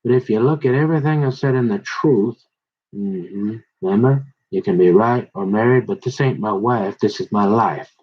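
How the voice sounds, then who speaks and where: A man's voice: fairly low pitch, normal speed, slight background noise. A middle-aged man rambling in a folksy, confrontational monologue full of slang, recorded on a dull lo-fi mic. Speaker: vlogger.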